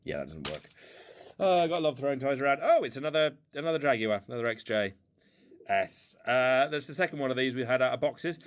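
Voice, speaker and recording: A man's voice: medium pitch, big pitch swings, a little fast. A man casually rambling through an unboxing of old toy cars at home, self-mocking and playful. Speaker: toy car collector unboxing. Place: indoors at home.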